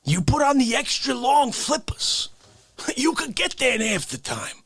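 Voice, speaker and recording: A man rants through a comedy bit with a husky voice, bouncing from shouts to hushed whispers. His pitch leaps all over the place. The recording is dry and close. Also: very animated, a little slow, no room sound. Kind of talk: comedic rant.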